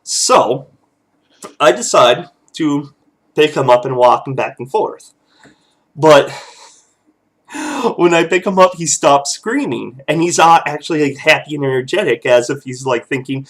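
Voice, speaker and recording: A man's voice: medium pitch, normal speed, long pauses, fairly bright tone. A man in his thirties, a father casually telling family stories, chuckling often and loose with fillers. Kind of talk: casual storytelling vlog.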